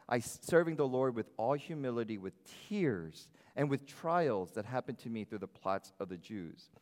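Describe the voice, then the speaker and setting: Male pastor, lively sermon delivery, mid-pitched voice, long hall reverb. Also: normal speed, hardly any pauses. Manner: animated, varies loudness, acts out quoted voices. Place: church sanctuary.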